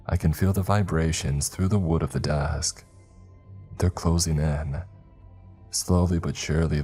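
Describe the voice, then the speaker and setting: A man narrating a first-person horror story in a slow, measured way. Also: rumbling low, warm tone, breathy edge. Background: faint music.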